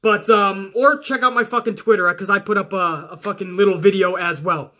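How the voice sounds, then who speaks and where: Man, high voice, bright and forceful, profane rant, bursts of shouting. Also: brisk. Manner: loud, swearing, flares into yelling. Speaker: wrestling video host. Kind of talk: profane casual rant to camera.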